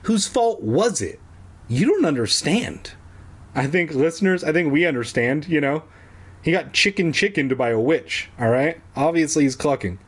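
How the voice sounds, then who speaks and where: A man's voice: on the high side, lively intonation, normal speed, husky. A man from San Diego casually reading a kids' book aloud, with jokey asides and offhand swearing. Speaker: reader.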